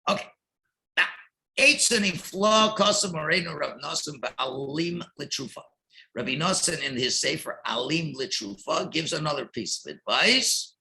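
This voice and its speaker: A man's voice: a little high, vocal fry, pushed and bright. A man teaching a Torah class as a rabbi, reading Hebrew lines and translating them, now and then raising his voice for emphasis. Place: synagogue.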